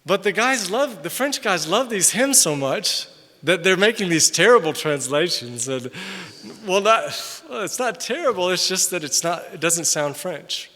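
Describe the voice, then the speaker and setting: An older man, a missionary, giving an animated conference sermon, loud on emphasis and quiet in asides. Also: sits high, a little slow. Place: large hall. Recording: long hall reverb from a distance.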